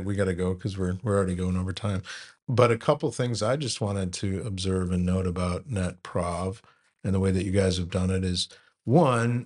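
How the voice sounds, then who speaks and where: A man interviewing a guest, chatty and reflective as he adds his own observations. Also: low-pitched. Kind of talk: casual conversational interview.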